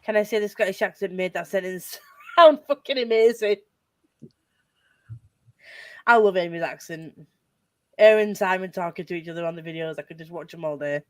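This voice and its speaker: A woman's voice: fairly low pitch, unhurried, pauses often, dry recording, studio quality. A woman hosting a casual group livestream, chatty and rambling, laughing often. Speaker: host of a reading livestream.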